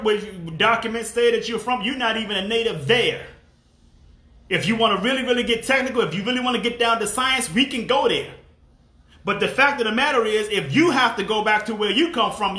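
A man's voice: high voice, bright, forceful tone, echoey room. A motivational speaker, a man, in an impassioned monologue to camera, angry and blunt, swearing and repeating his phrases.

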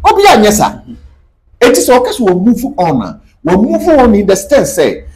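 A man's voice: high-pitched, huge pitch swings, moderate pace, a little mellow, soft background music. A man with a Ghanaian accent, speaking as an interview guest in an emphatic, preachy way and mixing Twi and English. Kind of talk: animated interview talk.

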